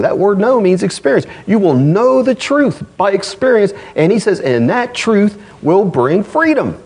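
Husky-voiced man preaching with lively swings. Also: high-pitched. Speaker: pastor. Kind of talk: sermon.

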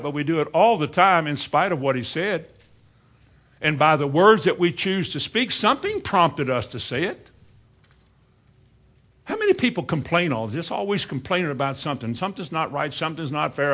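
A man preaching a sermon, asking the congregation rhetorical questions, with dry, sarcastic humor and swings between quiet asides and rising emphasis. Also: on the high side, big pitch swings, moderate pace.

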